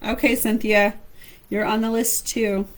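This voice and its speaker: A woman giving a live-streamed tarot reading, chatty and affectionate, calling viewers by name, her voice going hoarse. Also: a little high, flat delivery, unhurried, low-quality recording. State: losing her voice. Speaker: tarot reader.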